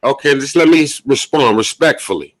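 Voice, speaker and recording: A man calling into a live stream who argues his points calmly, step by step. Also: medium pitch, fairly quick, poor audio. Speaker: caller. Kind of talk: live call-in debate.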